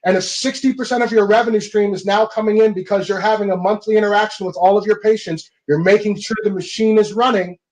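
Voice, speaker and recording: A man's voice: sits high, steady tone, quick pace, few pauses, darkish tone, rough recording. A man speaking on a webinar panel as a business coach, emphatic and motivational, often calling his listeners guys and friends.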